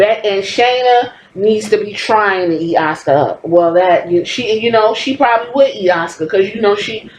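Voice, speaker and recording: A woman in her thirties talks casually and bluntly, swearing freely as she gives her opinions. Her voice sits at an ordinary middle pitch. The recording is roomy, with faint ambience behind her. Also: darkish tone, lo-fi sound, slight background noise. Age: 30s. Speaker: podcast host. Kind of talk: casual wrestling commentary. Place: home.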